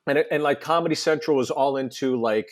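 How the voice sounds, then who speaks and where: A man's voice: mid-range voice, fairly quick. A man, a comedian guest, chatting on a podcast and telling rambling anecdotes. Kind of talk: casual podcast chat.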